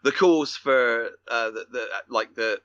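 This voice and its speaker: A man's voice: mid-range voice, a little slow, fairly bright tone, no echo, dull audio. A man co-hosting a film podcast, retelling scenes in a rambling way with many restarts and acted-out quotes. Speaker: podcast co-host. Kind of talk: casual film discussion.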